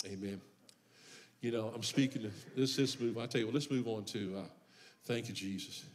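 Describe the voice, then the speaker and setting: A man's voice: medium pitch, normal speed, darkish tone, slight background noise. A male pastor preaching a sermon in church. He mixes humorous personal stories with impassioned refrains that build in force. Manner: humorous storytelling about his own life.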